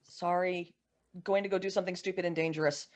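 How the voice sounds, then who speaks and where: A woman's voice: lowish voice, steady tone, fairly quick, a little mellow. A woman playing her character in a tabletop game, speaking bluntly and swearing casually. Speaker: player.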